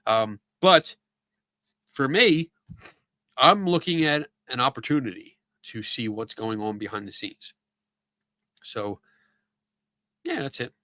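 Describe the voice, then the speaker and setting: Bright, chatty man with a Philly accent. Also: medium pitch, animated, takes it slowly, pauses often, dry recording, studio quality. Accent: Philadelphia. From Philadelphia area. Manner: loose, chatty, with frequent fillers and restarts. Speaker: podcast host. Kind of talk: casual livestream chat.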